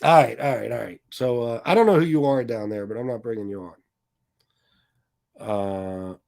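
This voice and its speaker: A man's voice: on the low side, normal speed, vocal fry, mellow. A man hosting a livestream, ranting combatively and swearing heavily as he taunts his critics. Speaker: livestream host. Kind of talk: profane livestream rant.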